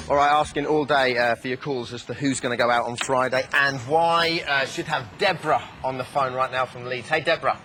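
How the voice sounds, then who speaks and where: A man's voice: medium pitch, fairly even intonation, fairly quick, few pauses, music in the background. A man hosting a light-hearted TV chat show and phone-in, playful and teasing. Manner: playful, teasing, mock-posh asides. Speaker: host.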